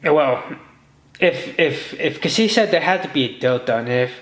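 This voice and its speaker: A podcast host with a fairly bright, expressive voice on the high side rambles through a personal story at a measured pace. He keeps restarting and quotes both himself and others, voicing his inner thoughts. The audio is poor, with a roomy sound.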